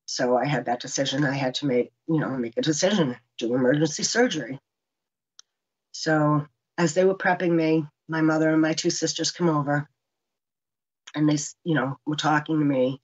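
A woman's voice: sits low, moderate pace, slightly rough, lo-fi sound. A woman in her fifties telling her own survival story earnestly, acting out what people said to her. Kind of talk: personal testimony.

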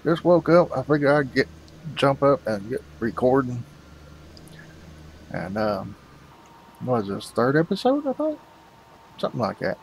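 A man's voice: mid-range voice, big pitch swings, a little slow, vocal fry, pauses often, a little hiss or hum, low-quality recording. A man hosting a farming game video, rambling casually and calling his viewers "folks". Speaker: gaming channel host.

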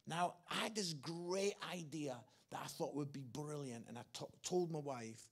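A man's voice: on the high side, normal speed, slightly rough. A man with an English accent preaching a sermon as a guest speaker, telling a story earnestly and repeating his phrases.

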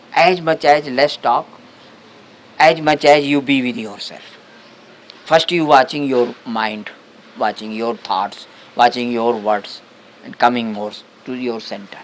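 Man giving an unhurried satsang talk. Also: mid-range voice, slight background noise, poor audio. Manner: halting, broken English with many restarts. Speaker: spiritual teacher.

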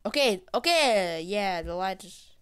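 An excitable woman narrates a game as she plays, reading the dialogue aloud. Her voice is smooth and clear, at a middle pitch. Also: measured pace. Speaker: gamer. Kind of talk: gameplay commentary.

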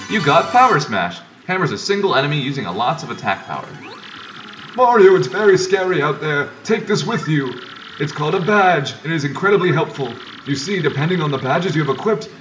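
A man's voice: on the high side, dull audio. A man voicing a shriveled old male mushroom professor who lectures at length. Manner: long-winded lecturing. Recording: distant mic with loud game music.

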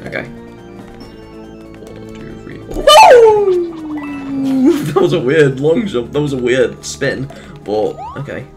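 A let's-play gamer giving casual gameplay commentary, excitable, often exclaiming and laughing, with rambling jokey asides. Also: medium pitch, a little slow, pauses often, faint music behind.

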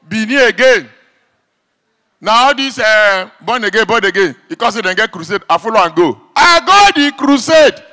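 A stand-up comedian performs his routine in Nigerian Pidgin, his high, bright voice leaping all over its range as he acts out every character and shouts the sound effects. A live hall's long reverb trails behind him.

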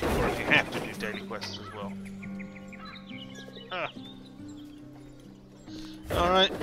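Chatty man narrating his gameplay. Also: medium pitch. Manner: chatty, rambling, yelps when hit. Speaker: gameplay commentator. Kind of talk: let's-play commentary. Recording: loud game music underneath.

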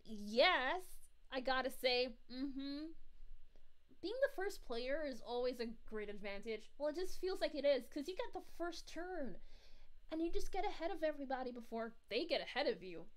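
A woman's voice: sits high, expressive, normal speed. A woman voicing a cheerful young princess on a livestream, bubbly and giggly, cooing at viewers while answering chat. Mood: chatty. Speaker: VTuber streamer.

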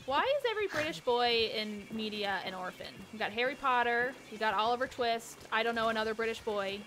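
A woman's voice: fairly high pitch, lively intonation, fairly quick, a bit bright. A woman hosting a charity game stream, chatting casually, swearing freely and reading out donations. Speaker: stream host. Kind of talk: casual chat while gaming.

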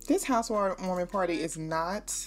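Female gaming host, lowish voice, chatty casual commentary, faint game music behind. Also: normal speed. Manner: chatty, talks straight to viewers.

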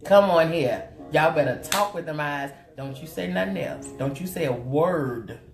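A woman's voice: sits low, expressive, moderate pace. Sassy woman hosting a makeup livestream. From Oklahoma. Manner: sassy, playful, calls out to viewers by name. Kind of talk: casual livestream chat with viewers. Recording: roomy sound with faint music.

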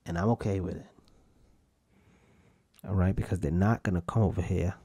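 Low-voiced man, casual podcast host, rambling self-mocking rant, dry close sound. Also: fairly even intonation, normal speed, dark tone, husky, dry recording. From United States. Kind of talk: casual solo podcast monologue.

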